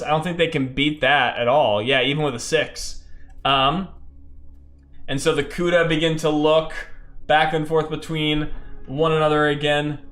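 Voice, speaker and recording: A man's voice: a little high, steady tone, unhurried, a bit bright, roomy sound, soft background music. A man narrating his own solo tabletop game in a loose, rambling way, full of fillers.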